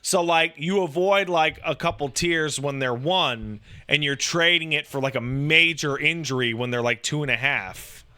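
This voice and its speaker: A man in loose casual chat, talking in a slightly raised register with a bright, forceful edge. He rambles and swears freely, leaning on "like" as he acts out the voices in his stories. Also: fairly high pitch, normal speed, hardly any pauses, smooth. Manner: profane, rambling, animated storytelling with acted-out quotes; filler-heavy, says "like" constantly.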